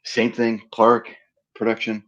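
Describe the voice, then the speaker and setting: A man from Pennsylvania telling stories as an interview guest in a casual chat. He acts out the dialogue in his stories with lively voices. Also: mid-range voice, slow pace, lo-fi sound. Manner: animated storyteller acting out quoted dialogue.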